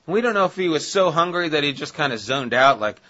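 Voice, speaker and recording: A man's voice: on the high side, animated, quick pace, pushed and bright, lo-fi sound. A male pastor giving a conversational Bible-study sermon, casual and chatty, with asides to the listeners.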